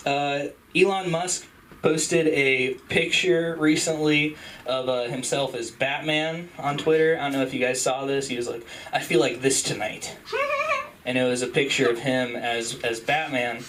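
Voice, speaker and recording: A young man from Utah doing rambling, self-deprecating stand-up at an open mic, jumping into high squeaky voices for the people he quotes. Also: lively intonation, normal speed, fairly bright tone, distant mic, slight background noise, poor audio. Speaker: stand-up comedian. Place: comedy club stage.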